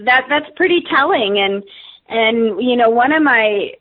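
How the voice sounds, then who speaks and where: A woman's voice: a little high, expressive, a little slow. A woman, a radio guest, telling a story casually with many fillers and restarts. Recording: tinny phone line.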